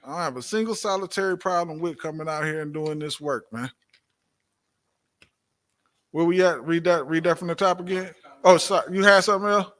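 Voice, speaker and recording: A man leads a religious class in a preaching style, driving his points home by repeating them and tossing out rhetorical questions. His voice sits high and rings bright and forceful. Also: fairly quick.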